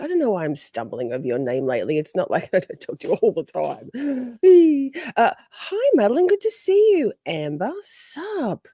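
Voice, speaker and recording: Australian woman, livestream host, casual chat, bubbly, swears freely, lively swooping pitch, mellow dry voice. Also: breathy edge, no room sound. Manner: bubbly, swears freely, greets chatters by name. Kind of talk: casual live-stream chat with viewers.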